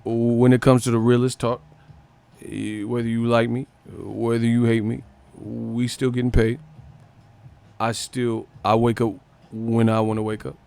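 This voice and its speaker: A man's voice: mid-range voice, level tone, unhurried, gravelly, darkish tone, smooth. A man hosting a boxing live stream, joking and swearing casually and mimicking other people's voices.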